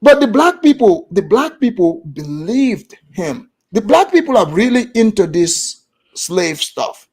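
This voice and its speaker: A man from Gambia with a Gambian accent, telling an animated story in casual chat and acting out the voices of others. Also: sits high, unhurried, breathy edge. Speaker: guest storyteller.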